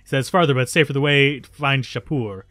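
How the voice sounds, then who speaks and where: A man's voice: medium pitch, fairly quick, a bit bright, no echo, natural voice. A man reading the lines of a young male slave guard in a video game, deferential and eager. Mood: humble.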